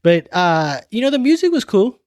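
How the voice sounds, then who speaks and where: A man's voice: sits high, sing-song, normal speed, a little mellow, dry recording, clean studio sound. A man co-hosting a podcast in laid-back, slangy and profane casual chat. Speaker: podcast co-host.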